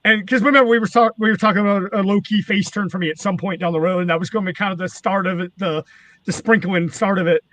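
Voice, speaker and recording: A man's voice: high-pitched, fairly even intonation, fast, a bit bright, no room sound. A man, a former wrestling manager, telling rambling, profane stories in casual chat. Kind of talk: casual storytelling.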